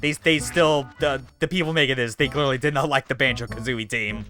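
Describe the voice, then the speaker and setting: A man with a bright, slightly tense voice talks through a game on stream. He rambles, curses, and jokes about what is on screen. Soft game music plays under him. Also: medium pitch, steady tone, brisk. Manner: rambling, profane, laughing asides. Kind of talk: casual let's-play commentary.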